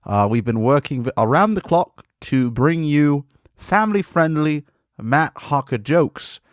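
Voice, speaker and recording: A man's voice: on the high side, expressive, unhurried, dry recording, clean studio sound. A man hosting a comedy show, rambling in an absurd, mock-formal way while putting on a fake British accent for laughs. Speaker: comedy podcast host.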